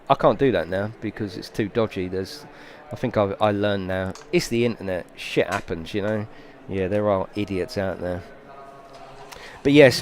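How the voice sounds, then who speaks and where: Sweary British man, low voice. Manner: rambling, sweary storyteller who grows heated. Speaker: sim racing streamer. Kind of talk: casual live-stream chat.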